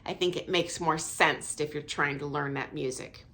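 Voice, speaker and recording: A middle-aged woman, a dance teacher, explaining music counts in a casual, friendly way, with a high, light voice and frequent laughs. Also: fairly even intonation, moderate pace, fairly bright tone. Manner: counts beats aloud, self-deprecating, laughs often. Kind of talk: casual instructional talk. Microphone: camera mic, filming herself.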